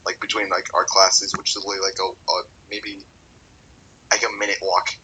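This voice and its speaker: A man's voice: deep voice, level tone, normal speed, pushed and bright, slight background noise, poor audio. A man co-hosting a podcast in casual chat, telling a rambling, profane story full of "like". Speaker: podcast co-host.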